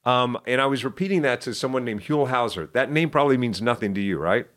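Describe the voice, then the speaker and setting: A middle-aged man telling stories from his life as an interview guest, lively and self-deprecating with quick asides. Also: mid-range voice. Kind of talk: casual storytelling interview.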